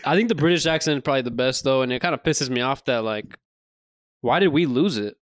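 Man, podcast co-host, laid-back, slangy, mid pitch, dry close sound. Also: quick pace, no room sound. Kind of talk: casual chat.

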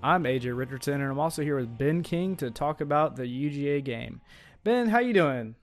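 A man's voice: a little high, lively intonation, a little fast, no echo, faint music behind. A man hosting a casual sports podcast, talking in bursts with lots of fillers and restarts. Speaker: podcast host.

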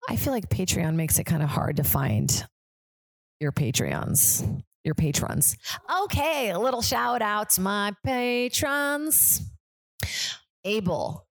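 A woman's voice: mid-range voice, very animated, slow pace, vocal fry, dry recording. A young woman comedian hosting her podcast, chatting in a rambling, self-deprecating way. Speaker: podcast host, stand-up comedian. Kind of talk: casual chat.

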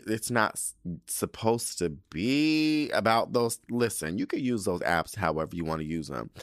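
A man's voice: low-pitched, fairly bright tone, dry recording, clean studio sound. A young man hosting a podcast, telling a story in a sassy, dramatic, slangy way with lots of swearing. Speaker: podcast host. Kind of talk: casual storytelling monologue.

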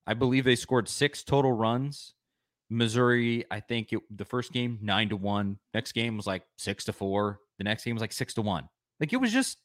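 A man hosting a casual sports podcast, excitable, given to bursts of laughing and shouting. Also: medium pitch, dry recording, studio quality. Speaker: podcast host.

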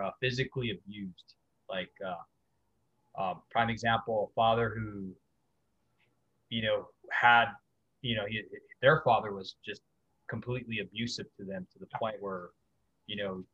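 A man hosting a podcast, murmuring affirmations and asking halting questions full of fillers. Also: fairly low pitch, steady tone, a bit bright, slightly rough, dull audio. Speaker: podcast host. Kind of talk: casual interview questions.

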